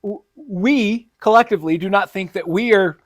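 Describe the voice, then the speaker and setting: High-voiced wry male co-host. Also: normal speed, no room sound. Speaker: comic shop retailer and co-host. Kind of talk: casual podcast chat.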